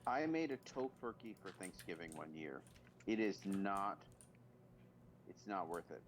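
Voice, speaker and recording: A man's voice: low voice, animated, unhurried, slight background noise. A man in casual gameplay chat with friends, speaking with dry, matter-of-fact humor. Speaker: game streamer.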